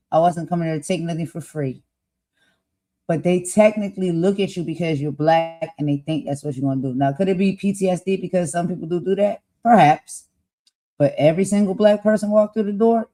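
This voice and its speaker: A woman from the United States hosting a political talk show, speaking with impassioned conviction and growing loud as she makes her points. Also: on the low side. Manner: impassioned, grows loud and emphatic. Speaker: host. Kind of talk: heated political commentary.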